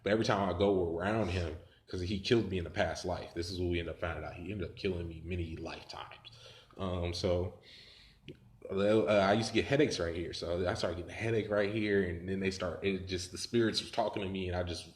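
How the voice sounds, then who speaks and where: A man's voice: low voice, steady tone, fairly quick, roomy sound. A man telling a story in casual, profane talk, rambling and laughing as he goes.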